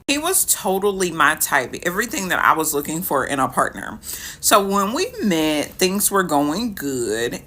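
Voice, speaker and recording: Woman, casual storytime, lively swooping pitch, bright husky voice, dramatic delivery. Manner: animated, dramatic retelling with quoted voices.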